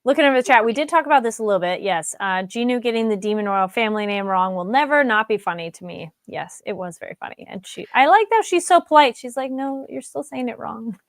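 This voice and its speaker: A woman co-hosting a casual fan chat show, reading viewer comments and giving relaxed recommendations. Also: mid-range voice, fast, few pauses, dry recording. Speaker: podcast co-host.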